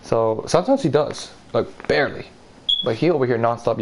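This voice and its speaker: A young man telling a story casually, rambling and swearing, putting on a higher voice for quotes. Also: animated, normal speed, noisy background.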